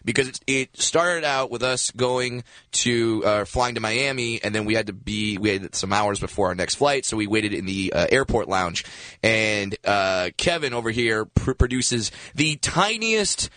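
Bright animated man telling a story. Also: on the low side, unhurried, no echo. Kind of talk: casual chat.

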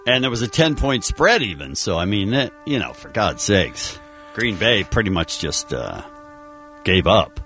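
A man's voice: fairly low pitch, sing-song, unhurried, fairly bright tone, soft background music. A man hosting a morning radio show, chatting and teasing his co-hosts in a wry, casual way.

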